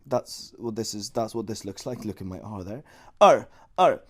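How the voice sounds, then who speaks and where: A man's voice: on the low side, fairly even intonation, a little mellow. Playful male teacher. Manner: playful, joking asides while explaining slowly. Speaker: Chinese language teacher. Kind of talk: online language lesson.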